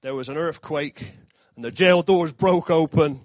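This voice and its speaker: A man's voice: fairly high pitch, measured pace, dry recording. A man giving an informal sermon, mixing scripture with jokey asides and self-deprecating humor. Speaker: preacher.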